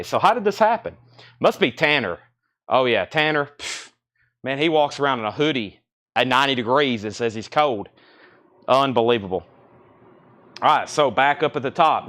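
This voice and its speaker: A man hosting a live record sale indoors, briskly listing titles and prices in a chatty auctioneer way, a little choked up. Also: medium pitch, fairly bright tone. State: slightly choked, coughing. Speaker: livestream record seller. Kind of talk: live sales stream.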